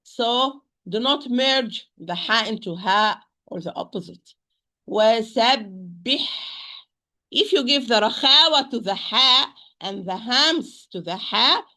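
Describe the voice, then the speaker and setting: Bright-voiced woman teaching Quran recitation. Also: on the high side, expressive. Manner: slow, drawn-out demonstration of sounds. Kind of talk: spoken lesson with recited examples.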